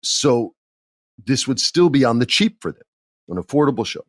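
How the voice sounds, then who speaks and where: A middle-aged man hosting a podcast, telling a work story in a candid, animated way and acting out what others said. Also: medium pitch, normal speed, breathy edge, no echo, studio quality. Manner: candid, animated, acts out quotes in others' voices. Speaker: podcast host. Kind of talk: casual storytelling monologue.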